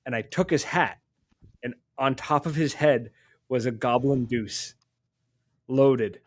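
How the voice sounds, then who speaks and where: Speaking slowly in a mid-range voice, this podcast host chats casually through his stories. He animates them by playing the people involved and laughs frequently along the way.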